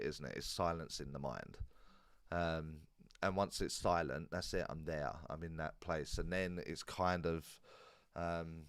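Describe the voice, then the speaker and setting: A man hosting a live Q&A stream in a relaxed, rambling way, with many fillers and restarts. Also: sits low, clean tone, dry recording, studio quality. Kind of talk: casual live-stream chat.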